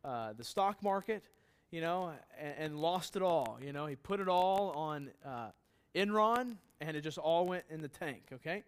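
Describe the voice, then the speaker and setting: A man's voice: fairly high pitch, expressive, normal speed, few pauses, clean tone. Man giving a casual, joking sermon. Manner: conversational, joking asides, quizzes the congregation. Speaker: pastor. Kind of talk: sermon Bible teaching.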